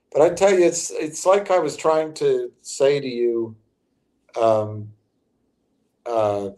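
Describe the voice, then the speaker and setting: Slow, mellow-voiced older man rambling. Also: mid-range voice. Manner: rambling, halting, restarts often, talks to chat viewers. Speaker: stock livestream host. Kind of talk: rambling livestream commentary.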